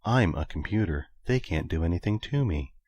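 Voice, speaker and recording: A man voicing a principled female ship computer who speaks calmly and quietly. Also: deep voice, moderate pace, no room sound. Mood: prim.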